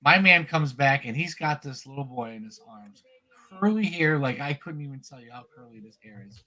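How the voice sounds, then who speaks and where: A man co-hosting a casual comic collectibles podcast, telling an animated story with lots of restarts and fillers. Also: medium pitch, normal speed. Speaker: podcast co-host.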